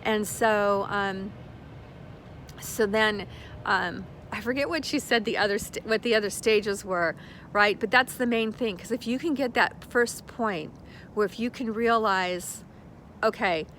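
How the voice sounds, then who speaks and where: Older woman musing gently, rambling. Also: mid-range voice, a little slow, a little hiss or hum. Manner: rambling, gentle, storytelling with acted-out quotes. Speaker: spiritual teacher. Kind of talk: reflective spoken monologue.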